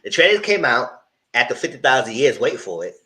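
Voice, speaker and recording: A man giving casual, animated commentary on reality TV, voice only, speaking straight to his viewers in slangy talk. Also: medium pitch, brisk, low-quality recording. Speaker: TV review host. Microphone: voice only, no camera.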